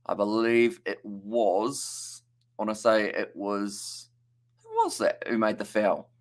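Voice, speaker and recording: A man's voice: lowish voice, fairly even intonation, takes it slowly. A young man with a New Zealand accent giving casual live play-by-play commentary on a football match, chatting and reading out viewer comments between plays. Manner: chatty play-by-play, reads out viewer chat, stumbles on names.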